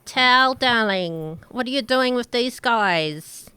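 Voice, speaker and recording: A woman's voice: a little high, lively intonation, slow pace, pushed and bright, smooth, no room sound, full character voice. Woman putting on a purring, flirty schemer. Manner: purring, condescending endearments. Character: flirty scheming woman who calls everyone darling.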